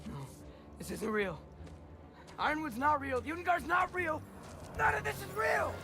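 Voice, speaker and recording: A man's voice: extremely high pitch, big pitch swings, unhurried, vocal fry, noisy background, heavily acted. A distraught teen boy. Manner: distraught, breaking, pleading. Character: anguished young teen boy, a giant's son. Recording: game audio with music under it.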